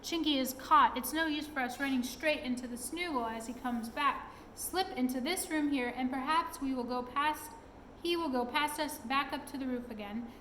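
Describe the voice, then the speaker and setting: A woman's voice: high-pitched, moderate pace, pushed and bright, echoey room, big-room sound, slight background noise, rough recording. A woman voicing a sensible young boy who gives urgent, cautious advice, in a storybook read-aloud.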